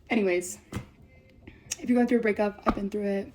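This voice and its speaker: A young woman telling a breakup story on a vlog, blunt and profane, swearing constantly in rapid run-on sentences. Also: medium pitch, steady tone, a little mellow, faint music behind.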